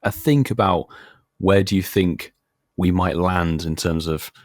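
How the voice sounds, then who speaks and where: A British man hosting a podcast, musing in a relaxed way and putting questions to his guests. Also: low voice, a little slow, dry recording, clean studio sound. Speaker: podcast host. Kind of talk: casual podcast chat.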